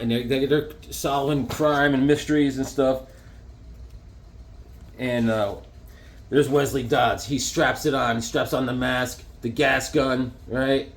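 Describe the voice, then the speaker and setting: A man casually reviewing comic books, excitable and chatty, breaking into silly voices now and then. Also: mid-range voice.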